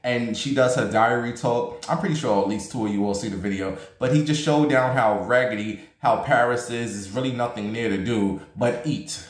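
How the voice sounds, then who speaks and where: Casual vlogger, male, mid-pitched, talks fast and blunt, roomy echoey room. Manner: rapid excited rambling, blunt and profane. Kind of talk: casual chat to viewers.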